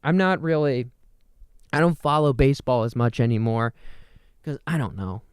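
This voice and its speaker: A man's voice: mid-range voice, moderate pace, clear, resonant tone, dry recording. A young adult man hosting a solo podcast, rambling and joking as he jumps from thought to thought, talking into a close mic. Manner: rambling, jokey, self-interrupting. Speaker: podcast host. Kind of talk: solo comedic podcast monologue.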